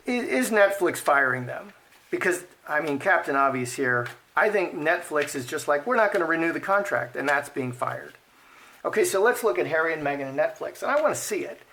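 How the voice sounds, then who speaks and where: A man's voice: fairly high pitch, a bit bright. A man giving casual commentary while reading cards, thinking aloud, repeating himself and murmuring the card names. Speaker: card reader.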